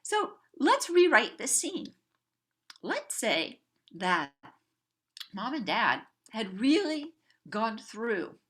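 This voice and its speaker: A woman coaching parents, telling a family story to a group in an animated way and acting out the people in it. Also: medium pitch. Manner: animated, acts out quoted family members.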